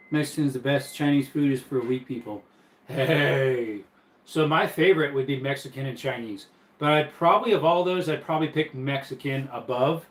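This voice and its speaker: A man with a mid-range voice hosts a casual live stream from his bedroom, chatting easily, reading viewer comments and laughing often. The recording is low-quality and reverberant.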